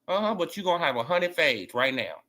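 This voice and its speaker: Animated man ranting in slang. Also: brisk. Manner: animated, swings from shouting to low mumbling, slangy. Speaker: boxing commentary channel host. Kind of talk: casual ranting commentary.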